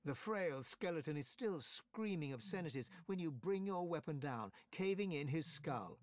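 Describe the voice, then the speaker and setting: A man narrating a fantasy video game in a measured, storytelling style. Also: a little high, lively intonation, a little mellow, dry recording, close to an everyday voice. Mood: grim. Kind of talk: scripted narration.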